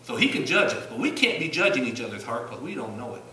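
A man's voice: mid-range voice, sing-song, fast talker, pushed and bright. A man from Virginia with a Southern accent preaching a sermon, emphatic, with rhetorical questions to the congregation. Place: church sanctuary. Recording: roomy church recording from some distance.

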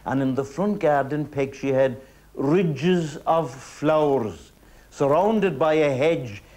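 A lilting Irish seanchaí-style teller spinning a comic folk tale in rolling, rhythmic phrases. His voice sits a little high for a man, and he leans into humour and long strings of "and he..." clauses. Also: expressive, slow pace, darkish tone. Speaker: storyteller. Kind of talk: traditional oral storytelling.

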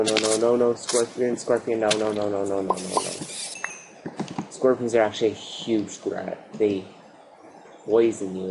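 A man commentating his own survival game play, excitable, talking to the mobs and breaking into loud outbursts. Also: on the low side, noisy background. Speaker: gaming commentator. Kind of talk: Minecraft let's play commentary.

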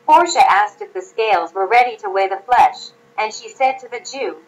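A woman's voice: a little high, normal speed, few pauses, rough recording. Woman narrating a classic story. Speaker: audiobook narrator.

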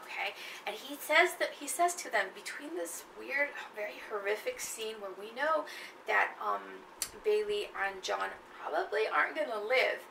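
A woman lectures on literature, often pausing to check in with her class. Her voice is gravelly and bright. It is picked up from a distance in a room with a lot of echo. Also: medium pitch, lively intonation, slight background noise. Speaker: literature teacher. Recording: echoey room, mic at a distance.

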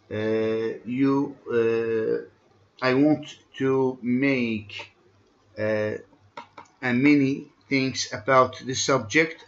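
Male teacher, on a lo-fi recording, fast explanations, slow word drills. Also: mid-range voice. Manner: switches between rapid explaining and slow drilled repetition of words. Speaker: English teacher. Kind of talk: recorded online lesson. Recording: echoey, dull lo-fi room recording.

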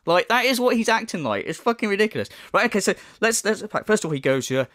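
A man delivering a ranting commentary, exasperated and sarcastic, swearing freely. His voice sits high and swings widely in pitch. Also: very animated, very fast, few pauses, a bit bright. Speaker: commentary YouTuber.

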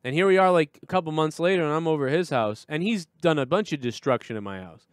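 Profane rambling New host. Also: male voice, on the high side, expressive, fast, clean tone, dry recording, clean studio sound. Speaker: live show host. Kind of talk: casual chat.

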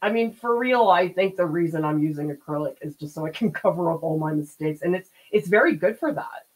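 A woman's voice: on the low side, fairly quick, a little mellow, poor audio. A woman art teacher chatting casually as she paints during a live demo, laughing often and reading out viewer comments. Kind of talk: casual livestream chat while painting.

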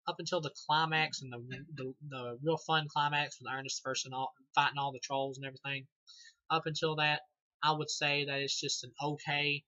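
A man's voice: a little high, sharp tone, no echo, highs cut off. A man giving a casual, rambling movie review, loose and profane, laughing and restarting as he goes.

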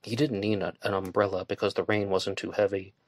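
A man reading a thriller audiobook aloud in steady narration. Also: low voice, a little fast, no echo. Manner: steady, plain storytelling. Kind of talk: scripted narration.

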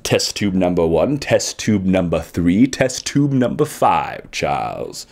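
A brooding, aging supervillain speaks in a deep, grandiose rumble, as a man does the voice. Every word comes out slow and solemn, with dramatic weight. His tone is theatrical and menacing. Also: very animated, vocal fry, a little mellow, full character voice.

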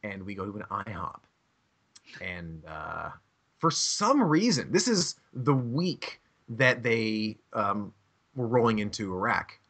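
A man's voice: fairly low pitch, very animated, slow pace, a bit bright, breathy edge. A man hosting a comedy podcast, telling a rambling, profane story and laughing often. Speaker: podcast host.

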